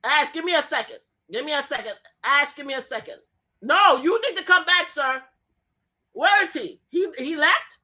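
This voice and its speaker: Loud high-voiced woman livestream host. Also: lively intonation, moderate pace. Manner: loud, repeats pleading commands. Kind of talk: heated livestream argument.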